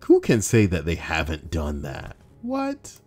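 A man's voice: a bass voice, very animated, moderate pace, a little mellow, breathy edge, no echo. A young man casually reading out forum posts, rambling and sarcastic, with frequent swearing. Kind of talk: casual reaction commentary.

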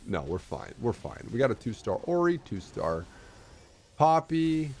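Animated young male streamer. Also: medium pitch, measured pace. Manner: excitable, bursts into shouting and laughter. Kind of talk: casual gameplay commentary.

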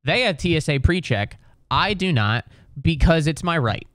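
A young American comedian tells a story in an animated, profane way, leaning on filler words. His voice is smooth and clear, recorded close and dry with no room sound. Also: on the high side, moderate pace, no room sound. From United States. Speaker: comedian podcast host.

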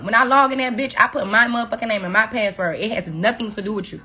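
A woman's voice: fairly high pitch, quick pace, few pauses, bright, forceful tone, husky. A woman on a phone livestream, delivering a profane, confrontational scolding rant at her viewers. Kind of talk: angry rant on a social media livestream.

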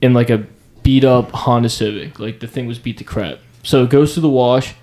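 A man's voice: medium pitch, normal speed. A young man, a podcast co-host, telling a story in casual chat and saying "dude" a lot. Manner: animated storyteller, slangy, says "dude" a lot.

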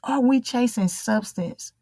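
A woman's voice: on the high side, unhurried, warm tone, dry recording. A woman preaching a sermon in an emphatic, repetitive style, drawing out key phrases.

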